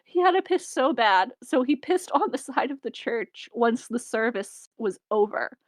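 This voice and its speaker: A woman's voice: fairly high pitch, lively intonation, moderate pace, no room sound. A young woman co-hosting a podcast, casually recapping a film with wry asides and frequent laughter. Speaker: podcast co-host.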